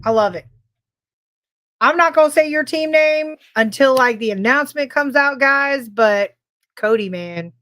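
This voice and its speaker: A woman's voice: high-pitched, unhurried, fairly bright tone. A woman co-hosting a casual livestream podcast, bubbly and rambling, laughing often as she chats and greets viewers. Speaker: podcast co-host.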